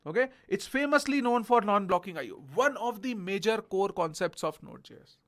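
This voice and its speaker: A young man with a notably high voice explains programming concepts in a video lesson. He repeats key terms, reassures the viewer, and punctuates sentences with "okay?" and "right?". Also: lively intonation, normal speed. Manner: repetitive, reassuring, checks in often with "okay?". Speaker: programming instructor.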